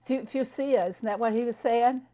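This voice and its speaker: A woman's voice: a little high, moderate pace, warm tone. A woman streaming a farming game, chatting casually with her viewers, answering them by name and laughing often. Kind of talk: casual live-stream chat.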